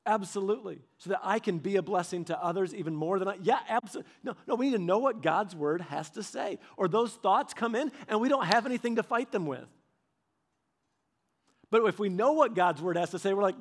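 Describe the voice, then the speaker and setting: A man preaching a sermon, telling stories with animated delivery and acting out quoted voices. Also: sits high, brisk.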